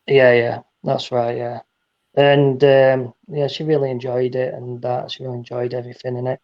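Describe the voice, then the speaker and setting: A man's voice: medium pitch, flat delivery, moderate pace, highs cut off. A man telling rambling jokes and stories in a casual chat, often restarting his sentences. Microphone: phone.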